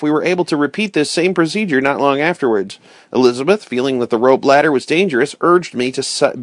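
A man narrating a storybook aloud in first person, as a steady, clear storyteller. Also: medium pitch, no echo. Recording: dry close recording.

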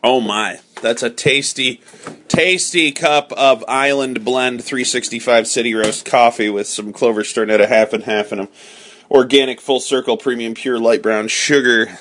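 A man's voice: medium pitch, steady tone, normal speed, fairly bright tone, a little hiss or hum. A man hosting a casual morning chat with a child, playful and jokey, laughing often. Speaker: host.

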